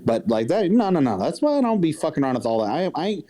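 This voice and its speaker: A man's voice: a little high, very animated, quick pace, background noise. A man in casual podcast chat, laid-back and swearing freely. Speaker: podcast guest.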